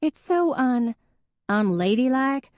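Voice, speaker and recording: Female narrator as a prim, fussy sister, high-pitched and quavery, bruised pride, close dry sound. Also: animated, slow, darkish tone, no room sound. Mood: prickly. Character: fussy, easily flustered older sister.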